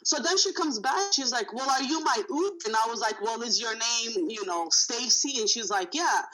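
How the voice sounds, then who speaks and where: A high, bright woman tells a story as a rideshare driver, cursing freely and slipping into the voices of the people in it. Her voice sits well up in pitch, with a sharp, forward edge. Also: normal speed, poor audio. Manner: profane, animated, acts out dialogue. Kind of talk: casual roundtable storytelling.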